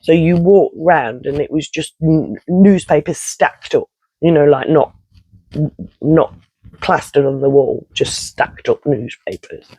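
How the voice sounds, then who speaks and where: A man's voice: on the high side, a little slow, darkish tone, breathy edge, dry recording, rough recording. A man, telling a rambling personal story in casual vlog style, swearing and interrupting himself often. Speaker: vlogger.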